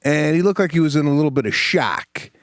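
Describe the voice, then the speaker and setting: A man co-hosting a podcast, casually telling an animated story and acting out the voices of the people in it. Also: fairly high pitch, a little fast, dry recording, studio quality. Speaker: podcast co-host.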